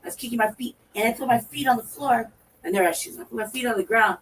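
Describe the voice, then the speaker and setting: A woman co-hosting a talk show, telling a profane story in a lively way and acting out her own reactions. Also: on the high side, fast. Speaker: podcast co-host. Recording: distant mic with faint noise.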